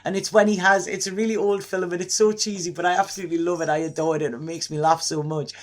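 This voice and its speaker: A man's voice: sits high, fast talker. A man giving a casual tarot reading to camera, effusive and rambling, often restarting and laughing. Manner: excitable. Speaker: tarot reader.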